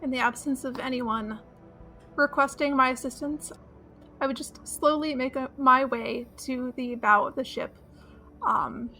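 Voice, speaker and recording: A woman player in a tabletop game, calmly declaring what her character does. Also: high-pitched, a little slow, soft background music.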